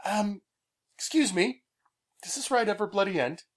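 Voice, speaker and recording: A man's voice: high voice, expressive, normal speed, pitched above the performer's own voice. A man impersonating an exasperated friend who sputters and complains in a raised, whiny voice. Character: exasperated grown man trapped on a slow ride.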